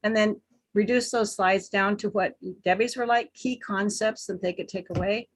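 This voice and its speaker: A woman coach talks on a video call with lively emphasis, slowing right down and speeding up to demonstrate how speakers lose a crowd. Her voice sits at a middle pitch. The sound is close and dry. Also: breathy edge, no echo, rough recording. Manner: animated, acts out speaking styles, shifts between slow and fast. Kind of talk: panel talk with advice.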